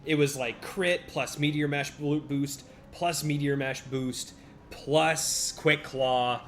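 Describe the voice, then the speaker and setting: A man giving casual live-stream commentary while playing a monster-battle game, chatting with viewers by name and reacting out loud to each turn. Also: a little high, steady tone, slow pace. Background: faint game music.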